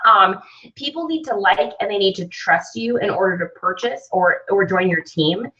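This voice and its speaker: A sales trainer hosting an online business training speaks in a bright, forceful, mid-range voice, keeping it upbeat and chatty with frequent "right?" check-ins. The audio is dull lo-fi from a slightly distant mic.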